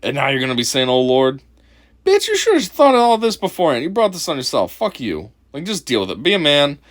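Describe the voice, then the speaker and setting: A man's voice: a little high, huge pitch swings, fast talker. A man hosting a casual video commentary, mocking and profane, laughing often. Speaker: commentary channel host.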